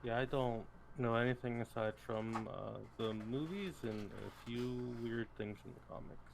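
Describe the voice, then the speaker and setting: A man's voice: mid-range voice, normal speed, vocal fry, background noise. A man chatting casually as a guest on a talk show, laid-back with short agreeing replies. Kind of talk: casual chat.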